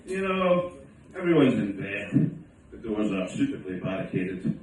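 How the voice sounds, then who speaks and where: A middle-aged man doing a self-mocking stand-up routine, sometimes putting on his wife's voice. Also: slight background noise. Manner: wry, self-mocking, acts out his wife in a higher voice. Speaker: stand-up comedian. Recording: distant phone recording in an echoey room. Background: audience laughter.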